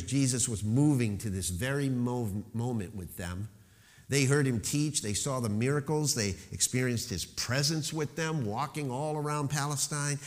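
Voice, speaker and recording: A man preaching a sermon as pastor, emphatic, slowing to stress key phrases and dropping into rhetorical questions. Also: mid-range voice, big-room sound.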